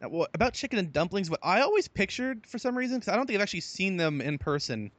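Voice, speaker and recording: Animated man with dry quips. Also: high-pitched, quick pace, no echo. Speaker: podcast co-host. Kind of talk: casual chat.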